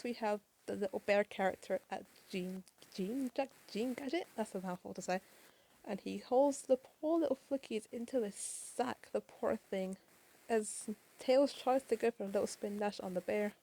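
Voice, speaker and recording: A woman's voice: mid-range voice, mellow, poor audio. A woman casually reading a comic aloud, with chatty asides and the odd swear word. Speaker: comic reader. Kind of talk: casual comic read-along with commentary.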